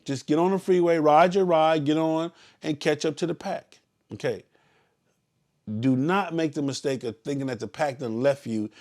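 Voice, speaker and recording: A Southern US man briefs his motorcycle club riders in a loose, preachy live stream. He talks plainly at an average pitch and every so often breaks into loud, profane yelling. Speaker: motorcycle club ride leader.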